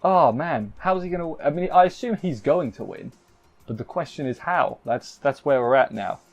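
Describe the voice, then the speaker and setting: A man's voice: on the high side, expressive, normal speed, faint music behind. A man giving a rambling, jokey live recap of an anime episode, often poking fun at himself. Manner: rambling, jokey, self-deprecating. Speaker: anime reviewer.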